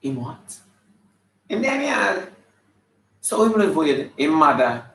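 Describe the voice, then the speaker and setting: Sassy high-voiced Jamaican man, echoey room. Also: sing-song, takes it slowly, vocal fry, a bit bright. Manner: sassy, scolding, flamboyant, with bursts of song. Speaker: comedian. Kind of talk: live comedy banter. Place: live show venue.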